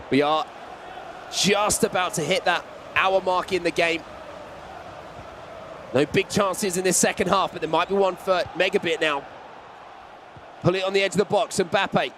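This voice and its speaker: A man giving play-by-play commentary on an esports football match, excitable when chances come. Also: on the high side, normal speed, noisy background. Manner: excitable, rising on big chances.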